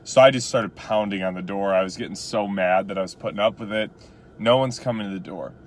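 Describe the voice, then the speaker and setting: A man's voice: lowish voice, a little fast. A rideshare driver from Chicago, telling a story casually and packing his talk with "like" and "you know". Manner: chatty, lots of "like" and "you know".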